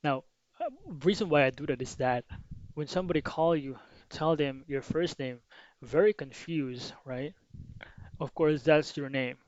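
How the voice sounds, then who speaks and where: A man walks through cold-calling advice in a loose, energetic way, slipping into little acted phone lines and changing his intonation as he goes. His voice sits a bit high for a man. The sound is dry and close, with no room echo. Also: a little slow, muffled recording. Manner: energetic, acts out call lines with shifting intonation. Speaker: sales coach. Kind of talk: casual tutorial monologue.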